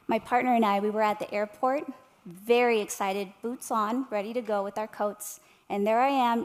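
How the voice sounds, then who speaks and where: A motivational speaker, a woman in her thirties, gives a passionate keynote to a live audience and asks them rhetorical questions. Her mid-range voice fills a large hall.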